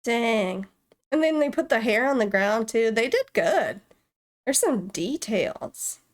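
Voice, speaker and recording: A woman's voice: fairly high pitch, sing-song, takes it slowly. A woman hosting a gaming channel, casually commenting and thinking aloud while playing. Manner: chatty, thinks aloud, jokey.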